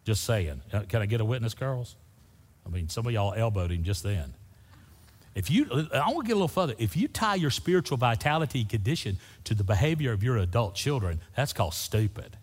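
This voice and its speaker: A man's voice: medium pitch, very animated, a little fast, husky. A man preaching a sermon as pastor, folksy and humorous, saying "y'all" to his congregation. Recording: long hall reverb.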